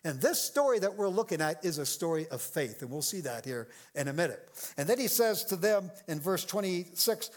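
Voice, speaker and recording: Animated high-voiced man preaching. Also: moderate pace, few pauses. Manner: animated preaching, acts out quoted voices, jokes with the congregation. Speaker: pastor. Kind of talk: sermon. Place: church sanctuary with congregation.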